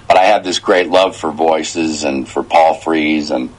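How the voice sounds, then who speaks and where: A man's voice: very deep voice, unhurried, low-quality recording. A man in his fifties, a voice actor from the United States, telling stories in a casual interview and getting emotional as he quotes himself. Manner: emotional, animated storytelling with quoted asides.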